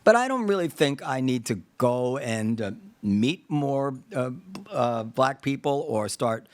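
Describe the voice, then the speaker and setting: A man's voice: medium pitch, measured pace, dry recording. A man hosting a podcast, talking through a debate in casual discussion, thinking aloud and acting out imagined exchanges. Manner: animated, acts out imagined dialogues; digressive, thinks aloud with fillers. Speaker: podcast host.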